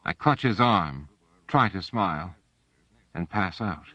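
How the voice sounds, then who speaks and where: A man narrating an audiobook in the first person with measured, even storytelling. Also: deep voice, no echo. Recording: dull, dry audiobook recording.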